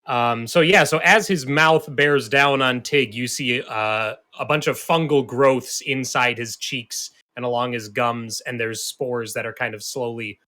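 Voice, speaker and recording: A man running a tabletop game as game master, narrating monster attacks in a relaxed, easygoing way with frequent laughs. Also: medium pitch, a little slow, few pauses.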